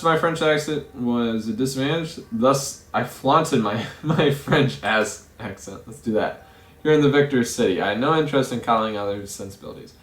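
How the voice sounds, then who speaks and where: A man's voice: medium pitch, echoey room. A man playing a story game, reading its text aloud and musing over his choices, often stumbling over words. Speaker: let's play host.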